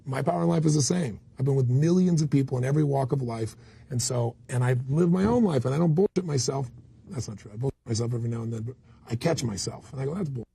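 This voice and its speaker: Man, raspy gravelly voice, dark tone, blunt emphatic interview guest. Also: mid-range voice, fast. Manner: blunt, emphatic storyteller with occasional swearing. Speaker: motivational speaker and interview guest. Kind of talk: candid conversational interview.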